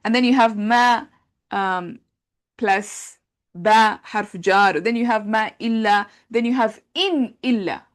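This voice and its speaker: A woman teaching an Arabic grammar class, talking through translations in a relaxed conversational way with many fillers. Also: on the high side, normal speed. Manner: explains patiently, thinks aloud with many fillers; reads translations aloud and compares them.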